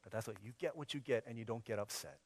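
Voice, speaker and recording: A man in his thirties preaching a sermon, telling a funny story with acted dialogue, swinging from soft to loud. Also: medium pitch, fast talker, in a large hall. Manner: humorous, plays out scenes in quoted dialogue. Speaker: pastor.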